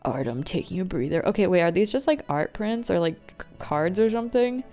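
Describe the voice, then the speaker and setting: A woman giving excitable, jokey let's-play commentary as a gaming YouTuber. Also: lowish voice, a little fast, faint music behind.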